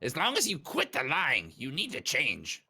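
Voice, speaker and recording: Lively bright-voiced man playing a tabletop game. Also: medium pitch, normal speed, husky. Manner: lively, speaks in character and narrates own actions. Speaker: player. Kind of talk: tabletop role-play chat.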